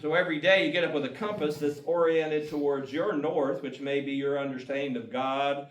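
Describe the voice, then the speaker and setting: A folksy man gives a casual talk at a community meeting and often chuckles as he makes his points. His voice sits a little high and is picked up from some distance. The room echoes, and soft guitar music plays behind him. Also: steady tone, fairly quick. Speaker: guest speaker.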